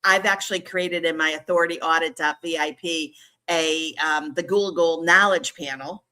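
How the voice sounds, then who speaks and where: Upbeat middle-aged woman, bright edge. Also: sits low, steady tone. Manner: enthusiastic, quick to laugh, promotional. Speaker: podcast guest, PR founder. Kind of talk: casual interview chat.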